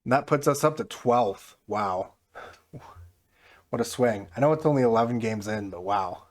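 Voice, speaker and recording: A man giving casual, mostly flat commentary over his own football management game, getting livelier when something happens. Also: normal speed. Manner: mostly flat and low-key, jumping up excitedly at goals; self-described monotone delivery. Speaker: gaming YouTuber.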